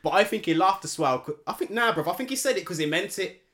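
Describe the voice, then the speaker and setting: A young man, co-hosting a podcast in casual chat, animated and slangy, acting out quotes. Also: sits high, fast. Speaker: podcast co-host.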